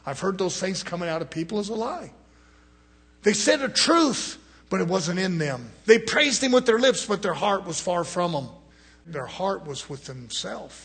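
Male preacher, husky voice sitting a bit high, surges loud then drops to a murmur, mimics the people he quotes. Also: animated, moderate pace. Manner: swings from loud rising exhortation to low murmured asides. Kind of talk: sermon.

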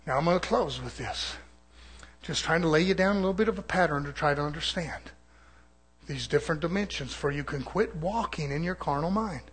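A man preaching a fiery sermon to a church, alternating forceful loud passages with quieter asides. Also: slightly rough. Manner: forceful preaching, swinging between loud peaks and low asides. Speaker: pastor.

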